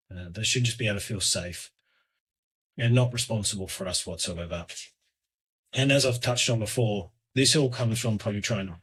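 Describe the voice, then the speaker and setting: A man in his thirties hosting a solo podcast, talking in a hesitant, reflective way with lots of fillers and restarts, often trailing off quietly. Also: fairly low pitch, slightly rough. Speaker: podcast host.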